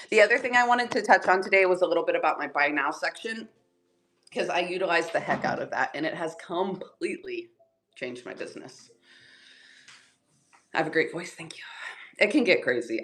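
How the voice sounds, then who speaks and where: A young adult woman giving a chatty, fast-paced tutorial on her seller livestream, laughing often. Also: on the low side, background noise. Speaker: online reseller hosting a seller-support livestream. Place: home room in front of shelves.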